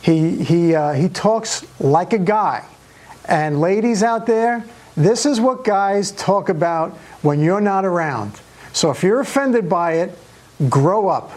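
Male, high voice, blunt and dismissive, recorded statement. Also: lively intonation, slow pace, darkish tone. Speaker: actor in a played clip.

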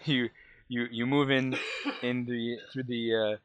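A man's voice: mid-range voice, little pitch movement, a little slow, clear, resonant tone, lo-fi sound. Laid-back man running a tabletop game. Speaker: game master.

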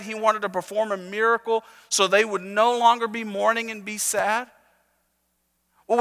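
A man preaching a sermon as a pastor, conversational and joking, slowing down and dropping soft on key words. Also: high-pitched, clean tone. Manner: conversational preaching with jokes, slowing and softening for emphasis. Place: church sanctuary. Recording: long reverb of a church hall.

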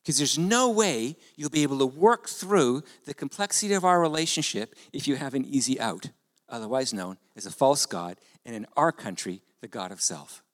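A man preaching a sermon as pastor, animated and conversational, with rhetorical questions to the congregation. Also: mid-range voice, moderate pace. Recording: long hall reverb.

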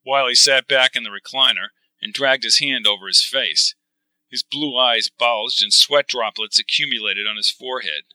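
A man reading a science fiction novel aloud, with steady, even storytelling. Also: mid-range voice, moderate pace, dry recording, poor audio. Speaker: narrator.

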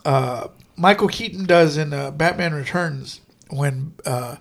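A man co-hosting a podcast, chatting casually about movies, laughing often and swearing, with many drawn-out fillers. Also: on the high side, creaky, a little hiss or hum. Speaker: podcast co-host.

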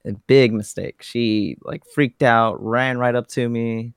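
A man's voice: medium pitch, steady tone, takes it slowly, smooth, no echo, clean studio sound. A man co-hosting a casual podcast, telling a rambling story with many fillers. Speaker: podcast co-host. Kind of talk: casual chat.

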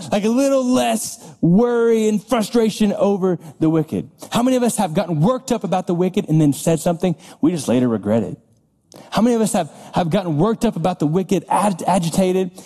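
In a church sanctuary with the long reverb of a large hall, a male pastor preaches conversationally in a warm voice that sits high. He often repeats words and laughs lightly as he talks.

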